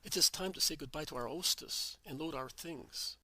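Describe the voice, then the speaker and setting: A man voicing Joseph, a gentle, devoted middle-aged husband, speaking with calm, earnest reassurance in a devotional story reading. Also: on the high side, moderate pace, no room sound, poor audio. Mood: tender.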